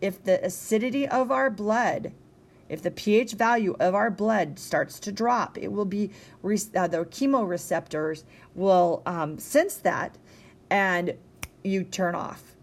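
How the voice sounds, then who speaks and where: A woman's voice: medium pitch, a little slow, creaky. A young woman teacher giving a recorded science lecture in a casual, conversational way, tired and yawning, with frequent ums and a checking "okay?".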